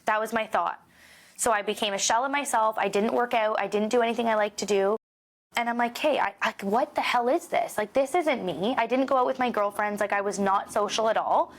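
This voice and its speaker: A woman's voice: a little high, brisk. A woman in her thirties, a realtor guest on a podcast, talking openly and emotionally in a casual conversation, with plenty of "like" and the odd swear word. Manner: open, emotional, peppers speech with "like" and swearing.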